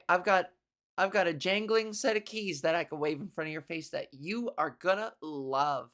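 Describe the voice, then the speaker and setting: A woman comedian hosting her own podcast, ranting casually with sarcasm, profanity and quick laughs. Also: mid-range voice, fairly bright tone. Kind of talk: casual solo podcast rant.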